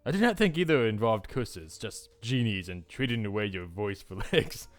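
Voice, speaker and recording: A man's voice: fairly low pitch, lively intonation, normal speed, soft background music, close to an everyday voice. A man voicing a young cursed princess who is bewildered and indignant, as he reads a visual novel aloud. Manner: indignant, confused.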